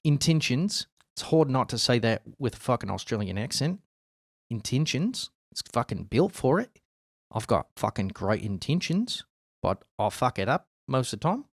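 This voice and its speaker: A man's voice: mid-range voice, sing-song, normal speed, gravelly, dry recording. A hammy, swearing voice in an exaggerated Australian accent, dragging words out for laughs, as a man puts it on for a comic book review. The sound is dry and close, with no room around it. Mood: playful.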